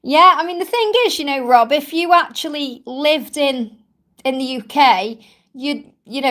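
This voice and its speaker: Speaking at normal speed in a high, slightly bright voice, an Englishwoman with a thick Stoke-on-Trent accent hosts a live stream Q&A as a spiritual reader. She's chatty and reassuring toward viewers, dropping in plenty of "you know" fillers.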